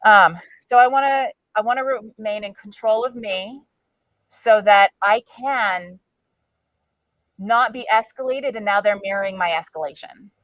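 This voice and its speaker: Speaking at a measured pace, a fairly bright, medium-pitched woman leads an in-person de-escalation training for a group. She's conversational and frequently hunts for words partway through sentences, and the sound is lo-fi.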